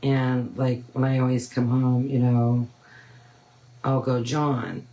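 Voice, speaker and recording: A woman's voice: extremely low pitch, completely flat delivery, takes it slowly, dark tone, poor audio. A woman hosting a painting tutorial, chatting casually and rambling with frequent ums. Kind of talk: casual chat while painting.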